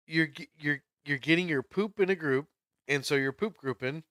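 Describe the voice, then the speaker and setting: A man's voice: fairly high pitch, normal speed, a bit bright, no echo. Chill guy streaming, just chatting and laughing a lot, dry close sound. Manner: chatty, laughs often while telling stories. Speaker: livestreamer. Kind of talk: casual livestream chat.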